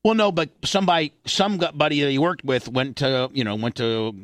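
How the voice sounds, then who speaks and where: A man's voice: fairly high pitch, brisk, a bit bright, no room sound, clean studio sound. A man hosting a talk show, telling a rambling, profane childhood story full of restarts. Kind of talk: casual storytelling.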